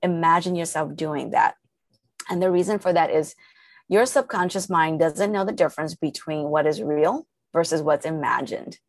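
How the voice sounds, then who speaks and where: A woman's voice: sits low, normal speed, dry recording. A woman guest coaching listeners in a podcast interview, explaining step by step in an earnest, instructive way with everyday examples.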